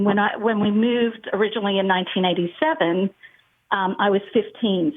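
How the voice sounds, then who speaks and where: Australian woman calling in by phone. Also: mid-range voice. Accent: Australian, slightly faded. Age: 50s. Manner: chatty, hesitant with ums. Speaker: caller. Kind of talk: phone-in call. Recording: tinny phone line.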